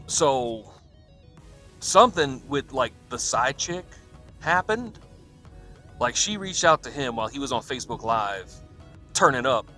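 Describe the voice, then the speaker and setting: A man with a bright, forceful voice tells a story on his podcast in a loose, profane style. He chuckles often and acts out both sides of the conversation. Faint music plays under him. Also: mid-range voice. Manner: profane, laughing, animated retelling with quoted dialogue. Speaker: podcast host. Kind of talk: casual storytelling monologue.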